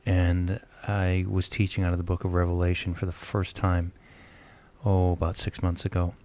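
A man's voice: low-pitched, completely flat delivery, normal speed, a little mellow, a little hiss or hum. A man hosting a radio talk show, speaking in a reflective, affirming way with his guest.

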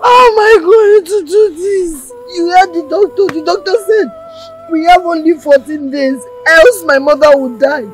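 A woman's voice: sits high, fairly even intonation, moderate pace, faint music behind, lightly acted, poor audio. An actress with a Nigerian accent playing a despairing young woman, crying through her words. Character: grief-stricken young woman, sobbing and despairing.

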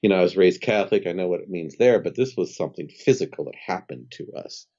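A man in his fifties, a spiritual healer and podcast guest, telling a personal story in a lively, conversational way and acting out what people said. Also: sits low, fast talker, dull audio. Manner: animated storyteller who acts out dialogue and laughs often.

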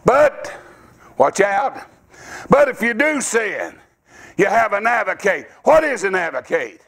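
A middle-aged preacher delivers a revival sermon in a church. His voice sits high and carries a gravelly rasp. He rambles in a folksy way, then breaks into sudden shouts. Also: sing-song, a little slow. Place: church sanctuary.

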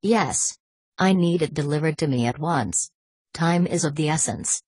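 A woman voicing a calm, commanding older male mastermind with a French accent, speaking in a measured, quietly menacing way in an audiobook reading. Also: deep voice, slightly rough, dry recording.

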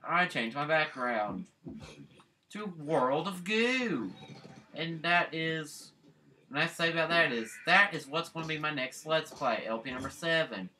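A man's voice: a little high, lively intonation, unhurried, bright, forceful tone. A man doing let's play commentary, rambling and talking to himself while he plays. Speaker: gaming channel host.

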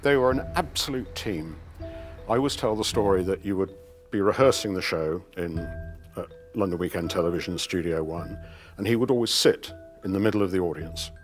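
A man recalls anecdotes in a documentary interview. His voice is very low and deep, with faint guitar music beneath. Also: normal speed.

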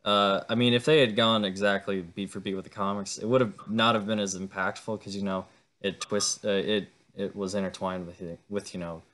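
A man's voice: fairly low pitch, level tone, fairly quick, fairly bright tone. A man hosting a casual podcast interview, talking like an admiring fan, with hesitant phrasing. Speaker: podcast host.

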